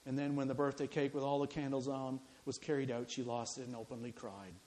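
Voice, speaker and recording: A man preaching a sermon, telling a story in an animated, dramatic way full of quoted dialogue. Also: mid-range voice, a little fast, low-quality recording.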